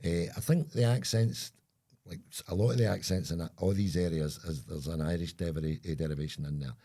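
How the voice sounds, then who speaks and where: A man's voice: sits low, fairly even intonation, a little fast, mellow, breathy edge. A Scottish man co-hosting a podcast, chatting in a joking, rambling way. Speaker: podcast co-host. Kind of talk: casual chat.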